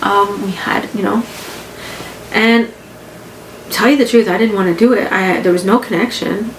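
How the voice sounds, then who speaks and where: A woman's voice: medium pitch, steady tone, normal speed. A woman hosting a personal podcast from her living room, talking candidly in a rambling way and often repeating herself. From Canada. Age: adult with grown children. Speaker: podcast host. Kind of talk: casual personal podcast monologue. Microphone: home podcast mic setup. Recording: echoey room with faint background hum.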